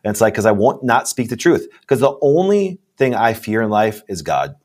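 A man's voice: fairly low pitch, sing-song, moderate pace, a little mellow. A man speaking as a guest doctor in a casual interview, rambling and emphatic, often asking "you know what I'm saying".

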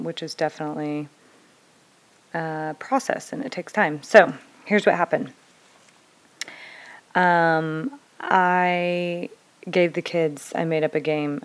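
A woman in her thirties, a parent, telling a personal story in a candid, conversational and reflective way. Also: low voice. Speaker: parent vlogger.

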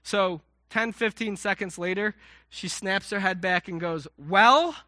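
A man's voice: high-pitched, fairly even intonation, a little slow, sharp tone. A man in his thirties preaching a sermon, conversational and self-mocking, often acting out quotes and asides. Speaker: pastor.

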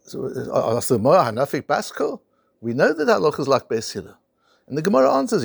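A man's voice: fairly high pitch, very animated, fast, gravelly, breathy edge, dry recording, studio quality. A man teaching a Talmud class, telling the stories with animation and weaving in Hebrew and Aramaic terms. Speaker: Torah teacher.

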